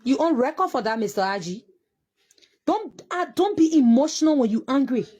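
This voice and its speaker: A woman's voice: high-pitched, very animated, normal speed, dark tone, highs cut off. A grieving Liberian mother giving an impassioned, accusing public statement, repeating her phrases and close to tears.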